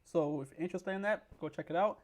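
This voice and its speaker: A man hosting a stock market video, hoarse from losing his voice, rambling with restarts as he reads news aloud and explains it. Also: sits high, fast talker. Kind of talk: casual explainer with screen reading.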